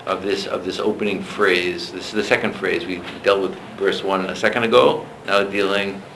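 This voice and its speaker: A male lecturer leading a seminar, talking in a discursive, halting way with frequent restarts. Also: deep voice, fairly even intonation, gravelly, a bit bright, reverberant, slight background noise, rough recording.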